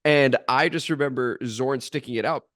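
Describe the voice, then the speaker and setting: A man's voice: medium pitch, normal speed, fairly bright tone, dry recording, clean studio sound. A man co-hosting a casual sports podcast in an easygoing way, laughing often. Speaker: podcast co-host.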